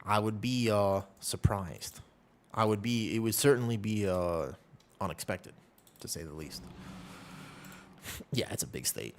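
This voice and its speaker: A man's voice: fairly low pitch, a little slow, pauses often, a little hiss or hum. A man streaming from home, chatting casually and rambling with his viewers. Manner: rambling, relaxed, chats with viewers. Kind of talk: casual chat with chat while gaming. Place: at home with a cat.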